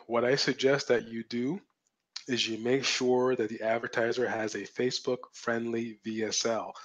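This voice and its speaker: A man's voice: medium pitch, lo-fi sound. A man teaching a live webinar as a marketing coach, emphatic and repetitive, asking rhetorical questions, his voice wearing out. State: losing his voice.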